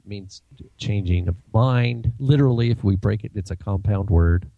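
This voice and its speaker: A man's voice: fairly low pitch, moderate pace, creaky, dry recording, phone-quality sound. A man co-hosting a casual religious discussion, giving brief replies and explaining terms. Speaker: co-host.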